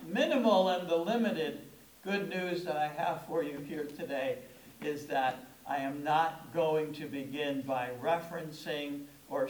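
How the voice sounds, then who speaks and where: Middle-aged male pastor, high register, conversational storytelling sermon with emphatic stresses; roomy church echo. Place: church sanctuary. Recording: echoey room.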